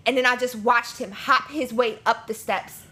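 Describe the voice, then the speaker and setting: High, expressive woman co-host. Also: normal speed. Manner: expressive, profane storytelling. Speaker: podcast co-host. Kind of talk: casual podcast chat.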